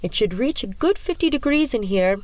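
A woman's voice: a little high, expressive, normal speed, a little mellow, no room sound, voice pushed up, lightly acted. A woman voicing a cold, sinister schoolteacher in a storybook who gives orders in a stern, commanding way. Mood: coldly commanding.

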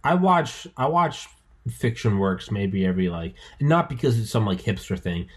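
A man hosting a podcast from home, talking in a rambling, excitable way with lots of swearing and restarts. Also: on the low side, moderate pace, slightly rough. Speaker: podcast host. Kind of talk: casual podcast chat. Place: home, with dogs around.

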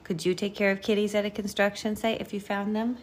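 A woman reading a picture book aloud to a child, gentle, expressive and encouraging. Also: mid-range voice, a little fast, slight background noise. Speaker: storybook reader.

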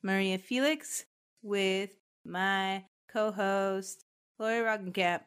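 A woman's voice: medium pitch, takes it slowly, smooth. A woman hosting a true crime podcast, chatting and laughing with her co-hosts before telling the case. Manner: giggly, chatty, recounts case details. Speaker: podcast host. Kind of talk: casual chat and true crime storytelling.

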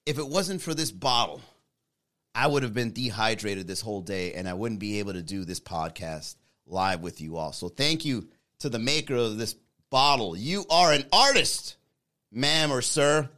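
A man's voice: fairly low pitch, lively intonation, moderate pace, pushed and bright. A man hosting a live comedy podcast, rambling and joking about his sketch ideas. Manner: rambling, jokey, self-mocking. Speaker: podcast host.

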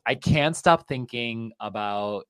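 A man co-hosting a podcast, chatting about movies in a wry, animated way and laughing often. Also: mid-range voice, slow pace, clean tone. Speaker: podcast co-host. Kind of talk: casual movie chat.

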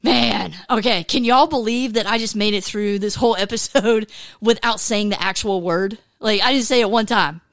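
A woman hosting a casual faith podcast, animated, laughing often and filling her talk with "man" and "dude.". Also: medium pitch, normal speed, no room sound, studio quality. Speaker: podcast host.

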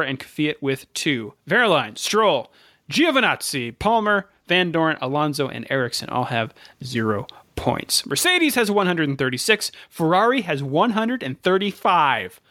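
A man's voice: on the high side, big pitch swings, moderate pace, pushed and bright, no echo, clean studio sound. A man co-hosting a casual motorsport podcast, running through standings and race listings with frequent self-corrections. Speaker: podcast co-host.

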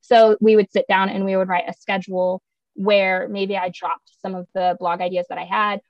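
A woman's voice: medium pitch, flat delivery, normal speed, dry recording, muffled recording. A young woman talking casually on a podcast, chatty and laughing often, acting out her own voice when quoting herself. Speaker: podcast guest.

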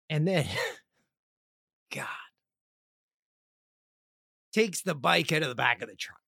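A man in his forties with a gravelly, creaky voice, rambling openly through a casual podcast monologue. His pitch sits in a middle range, and the sound is dry and close. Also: lively intonation, takes it slowly, pauses often, pushed and bright, no echo. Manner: rambling and candid. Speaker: podcast host.

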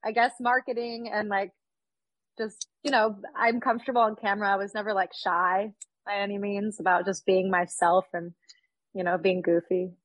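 A woman's voice: mid-range voice, little pitch movement, moderate pace, no echo, rough recording. Chatty upbeat woman in her thirties, dry sound. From California. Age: 30s. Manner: chatty, upbeat, lots of fillers. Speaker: guest. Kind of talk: casual podcast chat.

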